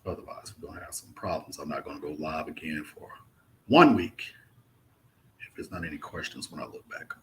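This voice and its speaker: In an extremely low voice at a brisk pace, with slight background noise, a young Mississippi man with a Southern accent runs a livestream Q&A as a travel vlogger. Indoors in a rented apartment, he chats casually, reads viewers' comments out loud, drawls in a laid-back way, and says "man" a lot.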